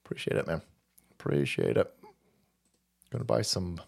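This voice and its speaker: A man's voice: on the low side, very animated, moderate pace, gravelly, a little mellow. A foul-mouthed man hosting a livestream, reading viewer chats and rambling through his commentary with frequent restarts. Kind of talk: casual profane stream commentary.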